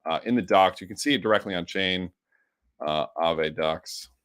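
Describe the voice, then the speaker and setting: Guy with hiccups teaching code, lower voice, super pumped energetic explainer. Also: normal speed. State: has the hiccups. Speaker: instructor. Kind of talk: live coding lesson.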